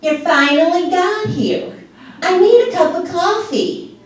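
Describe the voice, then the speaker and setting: A woman voicing her nagging, needy mother in her nineties, complaining in a high, demanding voice. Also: measured pace, a little hiss or hum. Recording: echoey hall from far off.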